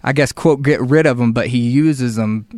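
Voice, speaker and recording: A man co-hosting a radio talk show, calmly explaining a point with everyday examples. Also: mid-range voice, no echo, studio quality. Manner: earnest, unhurried, explains with examples. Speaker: co-host. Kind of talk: casual radio chat. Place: radio studio.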